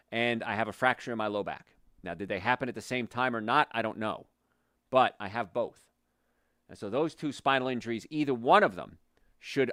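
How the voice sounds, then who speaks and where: A man's voice: medium pitch, dry recording, clean studio sound. A male chiropractor hosting a health talk show, speaking passionately and bluntly, getting worked up and then reining himself in. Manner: passionate, opinionated, gets worked up then calms down.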